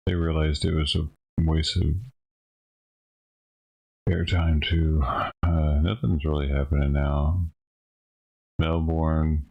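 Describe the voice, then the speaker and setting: A man's voice: extremely low pitch, gravelly, muffled recording. A man hosting a casual stream, making wry and puzzled offhand remarks about a clip. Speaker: host reacting to a clip. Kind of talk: casual commentary.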